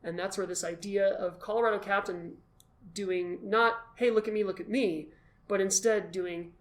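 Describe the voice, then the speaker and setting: A man as the guest, telling his story in an animated, self-deprecating way and acting out his own past thoughts. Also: high-pitched, normal speed. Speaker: guest, costumed charity volunteer. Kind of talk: casual storytelling in a conversation.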